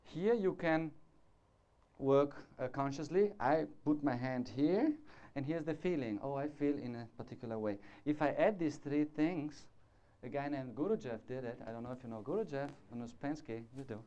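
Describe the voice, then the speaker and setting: Dark-voiced man lecturing at a conference. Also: mid-range voice, normal speed. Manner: discursive, demonstrating with gestures and asking the audience. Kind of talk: live conference talk. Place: lecture hall before an audience. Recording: dull lo-fi 1990s conference tape.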